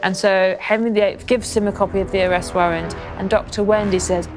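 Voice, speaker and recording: A woman's voice: medium pitch, fairly even intonation, fairly quick, few pauses, over music. A cheeky woman telling history casually. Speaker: storyteller. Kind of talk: comic history retelling.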